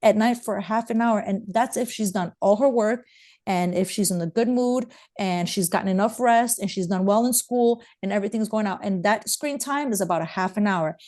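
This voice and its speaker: A woman's voice: mid-range voice, a little fast, a little mellow. A mother speaking as an interview guest, urging parents with emphatic, repeated warnings. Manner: emphatic, urgent, repeats points. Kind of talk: interview conversation.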